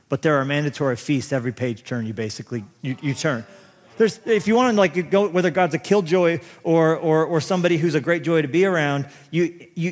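Self-deprecating male preacher in a reverberant hall. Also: fairly high pitch. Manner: animated, self-deprecating, humorous storyteller. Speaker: pastor. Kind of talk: sermon with personal storytelling. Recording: long reverb of a large hall.

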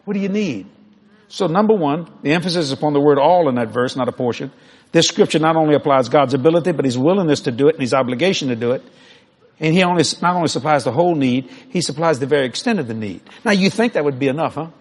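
An older man, preaching a storytelling sermon that acts out dialogue and climbs toward near shouts. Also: on the high side, lively intonation, quick pace, slightly rough.

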